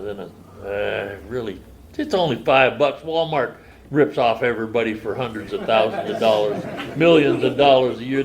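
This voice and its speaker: A man's voice: medium pitch, a little hiss or hum. Older man telling his story plainly. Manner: plain-spoken storytelling, folksy grammar. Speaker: recovery meeting speaker. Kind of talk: personal testimony at a meeting. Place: meeting room.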